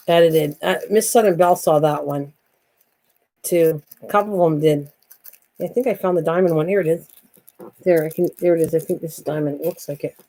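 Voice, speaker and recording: An older woman with a lowish, warm voice hosts a craft channel, live-streaming from home. She chats in a rambling, self-mocking way and laughs easily.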